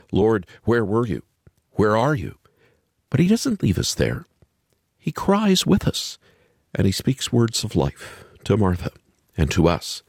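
A man reads and teaches a scripture story in a scripted devotional radio format, his husky voice swooping widely in pitch as he tells it. He asks the listener rhetorical questions, and the recording is dry and close, with no room sound. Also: no echo.

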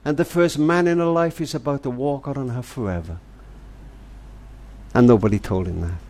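Speaking in a mid-range voice with a darkish tone and a moderate pace, an older man, a family charity speaker, delivers a grandfatherly monologue. It is heartfelt, tender and earnest, spoken as if to his granddaughter.

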